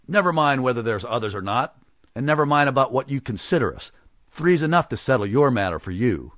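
A man's voice: on the low side, very animated, fairly quick, fairly bright tone, no echo, studio quality, heavily acted. A man voicing a big, blustering village blacksmith who raises his voice to accuse and threaten in a storybook reading. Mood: accusing.

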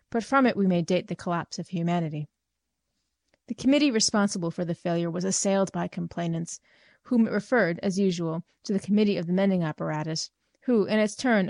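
A woman's voice: medium pitch, a little mellow, no room sound. Woman reading a story, dry close sound. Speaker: reader. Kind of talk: scripted narration of a short story.

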